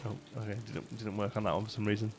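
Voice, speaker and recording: A man's voice: fairly low pitch, little pitch movement, quick pace, noisy background. A man casually commentating a city-building game as he plays, chatty and rambling, laughing often and thinking aloud. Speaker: let's play host.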